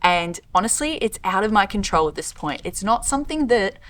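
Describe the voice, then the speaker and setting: A woman's voice: mid-range voice, very animated, fairly quick, a bit bright. A young Australian woman recounting a personal experience in the present tense, in a reflective and vivid way. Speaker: vlogger co-host. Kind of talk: personal storytelling.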